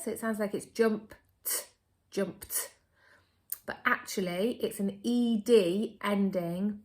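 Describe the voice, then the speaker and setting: English woman, primary teacher, remote phonics lesson, upbeat, exaggerated slow delivery for small kids. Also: medium pitch. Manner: upbeat, slow and exaggerated for children, my turn your turn.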